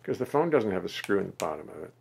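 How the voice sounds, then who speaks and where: A man's voice: big pitch swings, fast talker, gravelly, a little mellow, slight background noise. A man hosting a musical livestream from his studio, chatting in an easygoing, musing way between songs on a phone mic. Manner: musing, easygoing, talks to himself. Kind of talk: casual rambling chat between songs. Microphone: phone on a stand. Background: his own double bass playing.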